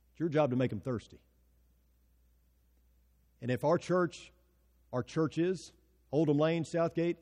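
A man preaching a sermon as pastor, emphatic, asking rhetorical questions and dropping to quiet, pointed lines. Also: mid-range voice, in a large hall.

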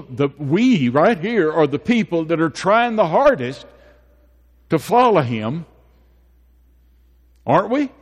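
Man preaching in a reverberant hall. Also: on the high side. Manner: preaching with rhetorical questions, rising to emphatic peaks. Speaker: pastor. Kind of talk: sermon.

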